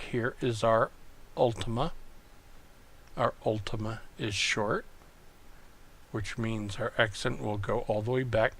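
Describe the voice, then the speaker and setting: Slow, gravelly-voiced male tutor. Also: mid-range voice, slight background noise. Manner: slow, methodical, thinking aloud. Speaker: Greek tutor. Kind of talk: recorded online lesson.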